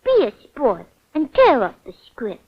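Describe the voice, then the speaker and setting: A woman's voice: high-pitched, huge pitch swings, unhurried, husky, dry recording, heavily acted. A woman voicing a cheerful, cheeky little girl in an old cartoon. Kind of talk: 1930s cartoon voice acting. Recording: dull old cartoon soundtrack with faint hiss.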